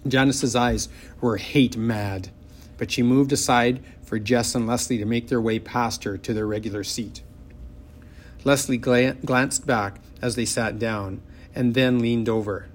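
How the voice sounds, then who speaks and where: Measured, expressive male audiobook narrator. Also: medium pitch.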